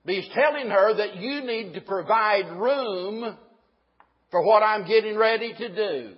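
A man with a high, slightly husky voice delivers a sermon, talking with his congregation in a folksy way. He turns emphatic on key points. The sound is dull, with a long echo. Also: unhurried. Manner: folksy, rising to emphatic preaching. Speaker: pastor.

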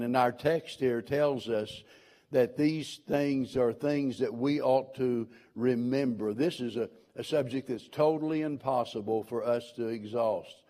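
A man preaching a sermon from the pulpit, quoting scripture and stressing its words in a deliberate, earnest delivery. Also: mid-range voice, mellow. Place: church.

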